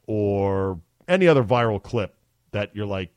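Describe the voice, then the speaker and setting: A man's voice: lowish voice, animated, normal speed, smooth, no room sound. A man hosting a podcast, talking casually and enthusiastically into a studio mic. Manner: chatty, enthusiastic, emphatic. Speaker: podcast host. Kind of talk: casual chat.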